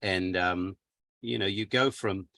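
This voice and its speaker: An English man, an author guest, explaining things slowly and thoughtfully in casual chat. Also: low-pitched, vocal fry, bright, forceful tone, no echo. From England.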